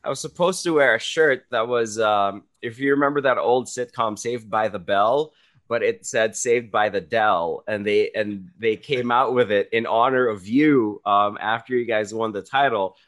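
A man's voice: medium pitch, moderate pace, few pauses, fairly bright tone. A man hosting a podcast, giving upbeat, hype-style introductions and chatting casually with his guest. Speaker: podcast host.

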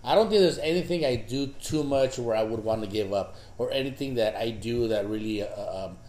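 A man's voice: medium pitch, a little fast, a little mellow. Easygoing man chatting on a podcast. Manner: repeats words, easygoing. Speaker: podcast host. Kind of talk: casual chat. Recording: roomy echoey room.

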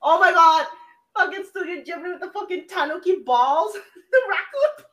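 A woman with a very high voice, chatting loosely with friends. She swears nonstop and laughs through her words as she talks. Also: moderate pace, a bit bright. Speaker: friend in group chat. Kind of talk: casual chat.

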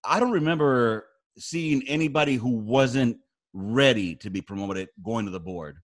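A man telling army stories in casual chat, animated and profane, acting out loud quotes. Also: medium pitch, normal speed. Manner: animated storyteller, heavy swearing, acts out quotes loudly.

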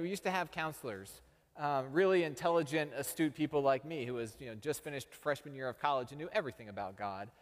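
A man's voice: fairly high pitch, in a large hall. A man from Texas, a pastor telling a story in a sermon with self-deprecating humor.

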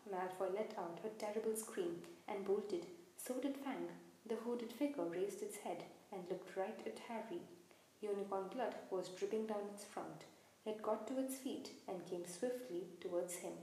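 A woman narrating a storybook in a measured, expressive reading. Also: medium pitch. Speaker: audiobook narrator. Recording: very echoey room, faint hiss.

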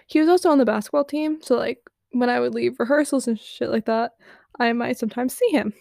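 A woman's voice: a little high, a little fast, vocal fry, dark tone, dry recording, clean studio sound. A teenage girl telling a story in a candid, profane, chatty way, full of "like". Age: teens. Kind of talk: casual storytelling.

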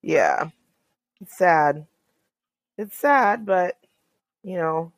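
A woman's voice: on the low side, lively intonation, very slow. Woman cohost just chatting, jumps in with questions, no room echo. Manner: conversational, asks questions, backchannels often. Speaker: podcast co-host. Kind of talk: casual chat.

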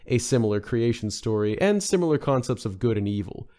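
A man's voice: medium pitch, lively intonation, fairly quick, warm tone. Man musing, lots of fillers. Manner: rambling, many fillers and restarts. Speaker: podcast guest. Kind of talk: casual podcast discussion.

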